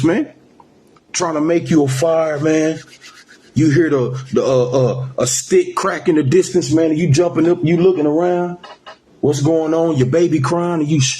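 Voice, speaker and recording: A man preaching a sermon, reading scripture slowly and then driving points home with repeated "man" and "right?". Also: on the high side, darkish tone. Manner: emphatic, ends phrases with "man" and "right?"; slows to a drawl when reading scripture. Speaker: street preacher.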